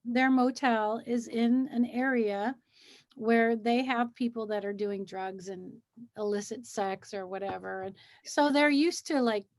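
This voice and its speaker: A woman co-hosting a casual chat, mostly listening and replying in short, unhurried remarks. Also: fairly high pitch. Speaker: co-host.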